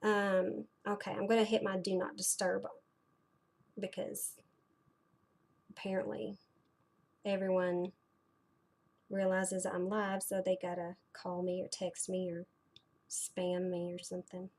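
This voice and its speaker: A woman's voice: medium pitch, little pitch movement, a little slow, creaky, long pauses, darkish tone. A woman, hosting a casual livestream chat in a rambling, chatty way full of fillers and dramatic asides. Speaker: host of a blind community livestream.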